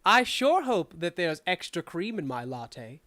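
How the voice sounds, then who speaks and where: A woman voicing a sly older woman with wicked intent in a tabletop game, taunting in a smug, drawn-out way. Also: fairly low pitch, very animated, fairly bright tone, no echo. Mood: smug menace.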